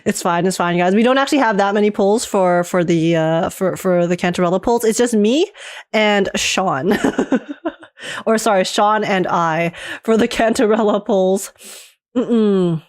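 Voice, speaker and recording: A woman's voice: mid-range voice, unhurried. A woman streaming live, chatting casually with her viewers, laughing often and restarting her phrases as she goes.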